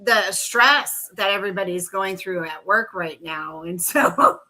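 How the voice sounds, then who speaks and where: A woman's voice: mid-range voice, unhurried, sharp tone, rough recording. A woman from North Carolina, co-hosting a podcast, giggly and upbeat as she reads viewer comments. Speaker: podcast co-host. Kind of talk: casual chat.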